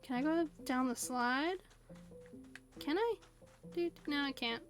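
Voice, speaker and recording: A high-pitched woman chats playfully through a video game, quick to laugh and full of asides. Her voice is close on a desk condenser mic in a home setup, with faint game music underneath. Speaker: streamer. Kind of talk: casual gameplay commentary. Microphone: desk USB condenser mic.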